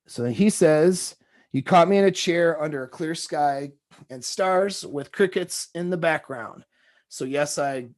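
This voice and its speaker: A man's voice: mid-range voice, darkish tone, no room sound, studio quality. A man coaching on dating, talking loosely and rambling as he reads out text messages and comments on them.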